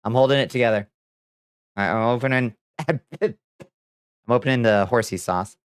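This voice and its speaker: A man's voice: medium pitch, moderate pace, smooth, dry recording. A man streaming casually, playful and theatrical as he chats with viewers while mixing ingredients. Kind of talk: casual livestream chat.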